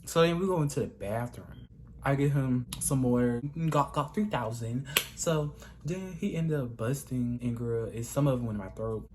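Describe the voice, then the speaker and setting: A young male vlogger tells a story in a casual storytime video, chatting in a gossipy way and repeatedly calling the listener "girl." His ordinary mid-pitched voice has a darkish tone at normal speed, with a little hiss or hum in the recording.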